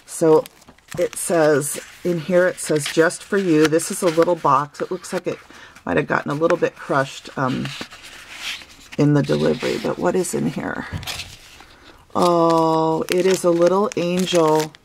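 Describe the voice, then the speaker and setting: A woman's voice: low voice, steady tone, unhurried, gravelly, slight background noise. A woman opening handmade gifts on her craft vlog, gushing and sentimental, with many fillers. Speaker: craft vlogger. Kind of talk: casual gift-opening vlog.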